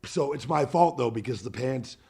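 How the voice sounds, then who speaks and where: A man's voice: medium pitch, normal speed, gravelly, slightly rough. Profane man telling gym stories. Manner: profane, animated storytelling. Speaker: podcast host. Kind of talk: casual podcast chat.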